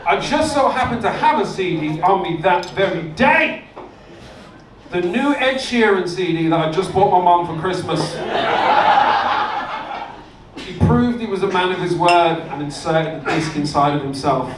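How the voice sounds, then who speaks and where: A man doing a stand-up comedy set, telling stories deadpan with punchlines on a club stage. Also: high voice, normal speed, pauses often. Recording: echoey club, distant mic, room noise.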